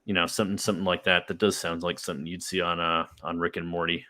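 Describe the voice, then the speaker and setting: Rambling young man, low voice. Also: flat delivery, fast talker, sharp tone. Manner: rambling, filler-heavy storytelling with laughs. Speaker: podcast host. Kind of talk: casual chat.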